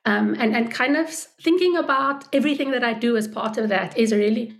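A woman with a fairly high voice hosts an interview. She is encouraging and affirming, and she phrases her questions with soft hesitations and fillers. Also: a little fast, creaky, faint music behind. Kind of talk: casual interview conversation.

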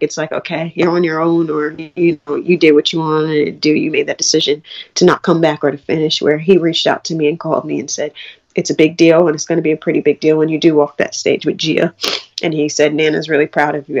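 Give me a young woman from New York, slightly low-voiced, recounting her story in an interview, with a dull, lo-fi sound. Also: a little mellow. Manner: candid, storytelling with quoted dialogue. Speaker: college track athlete.

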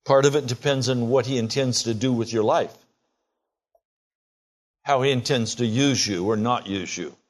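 A man's voice: normal speed, pauses often. A man in his sixties preaching a sermon, emphatic, acting out prayers in a rising voice. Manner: emphatic, acts out quoted prayers with rising pitch.

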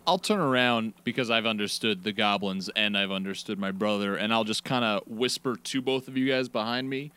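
Bright-voiced man player. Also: fairly low pitch, fairly quick, few pauses, clear, resonant tone. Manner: careful, asks rules questions. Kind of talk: casual tabletop play.

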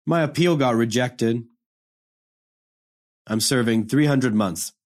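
A man's voice: medium pitch, takes it slowly, darkish tone, lightly acted. A man playing a bitter young prisoner. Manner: profane, confrontational street talk. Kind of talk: dramatic monologue.

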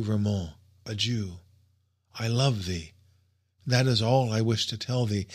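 A man voicing a tender young woman on the edge of death, speaking softly with a languishing sweetness in a storybook reading. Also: mid-range voice, close to an everyday voice.

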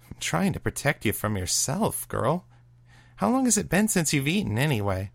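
A man reading the part of a blunt, no-nonsense female homicide detective, brisk and exasperated. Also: on the high side, very animated, creaky, no echo, pitched above the performer's own voice, full character voice. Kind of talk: audiobook reading of a serial story.

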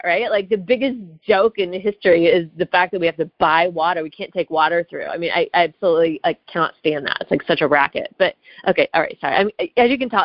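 A woman recounts a story in casual chat, chatty and fired up. She keeps checking in with the listener. The sound is muffled and lo-fi, with no room echo. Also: fairly low pitch. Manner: chatty, heated, lots of "like" and "right?". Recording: dull lo-fi dry recording.

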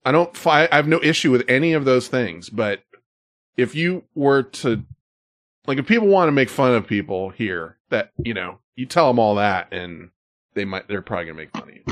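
Lively man hosting a podcast. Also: medium pitch, moderate pace. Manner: wandering, restarts, swears when frustrated. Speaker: podcast host. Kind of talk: casual chat.

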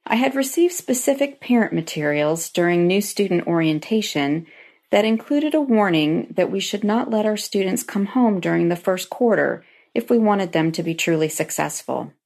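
A woman's voice: mid-range voice, animated, moderate pace, gravelly, a little mellow. A middle-aged woman reading a personal story aloud in an earnest, heartfelt way, as a lodge member.

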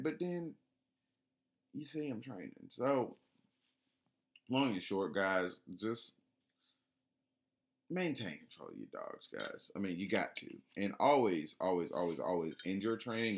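A man's voice: on the low side, very animated, a little slow, slight background noise. A man talking casually about training his dog, rambling with frequent restarts and fillers. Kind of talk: casual spoken monologue.

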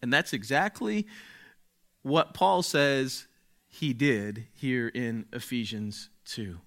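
A male pastor preaching a sermon slowly and emphatically, with dramatic pauses and rising swells of volume. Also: mid-range voice, a bit bright.

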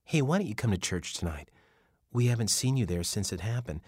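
A man's voice: fairly low pitch, lively intonation, brisk, a little mellow, husky, no echo, clean studio sound. A man voicing an awkward, well-meaning middle-aged man who talks earnestly and apologetically in an audiobook.

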